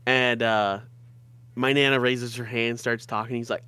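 A man's voice: medium pitch, steady tone, measured pace, pushed and bright, clear, resonant tone, no room sound. A young man with a Michigan accent co-hosting a podcast in casual chat, rambling through stories and laughing often. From Michigan, USA. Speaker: podcast co-host.

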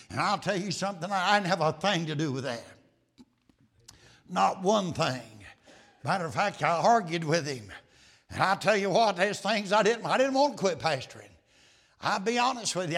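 An older man preaching a sermon, full of "uh" and "I tell you what", swelling to loud drawn-out peaks and dropping low. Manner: builds to loud, drawn-out peaks, then drops low and quiet.

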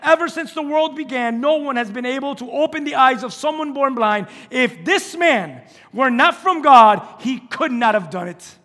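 A man voicing a newly healed blind man who is exasperated and eager, exclaiming in a high, strained voice. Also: expressive, normal speed, hardly any pauses, pushed and bright, big-room sound, heavily acted.

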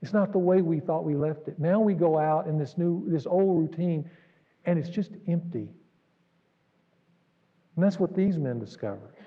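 A man pastor delivering an earnest, dramatic sermon, jumping between raised exclamations and hushed asides. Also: on the high side, normal speed, pauses often. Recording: dull recording in a reverberant hall.

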